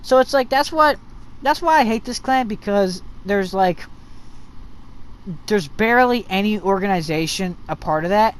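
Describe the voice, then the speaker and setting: A gaming channel host giving an unscripted, profane rant that rambles with restarts. The host now and then mocks others in shrill put-on voices. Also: animated, moderate pace, clean tone.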